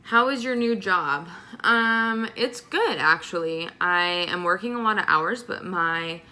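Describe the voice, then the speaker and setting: A woman's voice: lowish voice, expressive, unhurried, bright, forceful tone. A young pregnant woman answering viewer questions in a casual vlog, talking with lots of ums and likes. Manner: chatty, many ums and likes. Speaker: vlogger.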